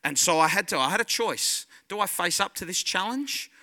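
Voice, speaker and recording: Animated high-voiced preacher man, very bright. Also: normal speed. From Australia. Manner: animated storytelling, acts out his own panic and joy. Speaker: guest pastor. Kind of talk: sermon with personal story.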